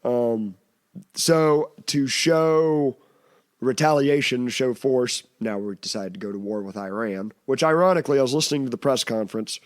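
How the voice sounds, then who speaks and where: A man's voice: mid-range voice, moderate pace. A man hosting a podcast in casual comedic chat, rambling and laughing often. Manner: rambling, laughs often, slips into mocking quoted voices. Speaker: podcast host.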